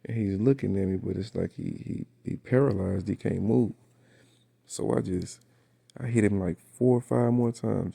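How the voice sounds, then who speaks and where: Low, gravelly man with a just-woke-up rasp. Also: moderate pace, no room sound. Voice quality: raspy. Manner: slangy, profane, animated retelling with many fillers. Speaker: vlogger recounting a dream. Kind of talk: casual storytelling.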